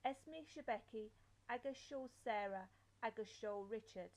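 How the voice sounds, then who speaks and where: A young woman reading phrases aloud and repeating each one with its translation, as a language learner practicing her basics. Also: fairly high pitch. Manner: slow, careful drill of phrase pairs.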